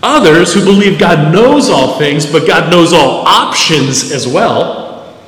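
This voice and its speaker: Pastor, man, middle-aged, chatty animated sermon, slightly raised pitch, reverberant church room. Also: takes it slowly. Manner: conversational, self-deprecating, animated storytelling. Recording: echoey hall.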